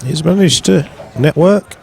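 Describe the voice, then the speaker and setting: A man's voice: fairly high pitch, unhurried, vocal fry, a little mellow. A man from the UK giving casual live pool commentary from a pub, joking with his co-commentator. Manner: jokey banter with co-commentator. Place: pub venue.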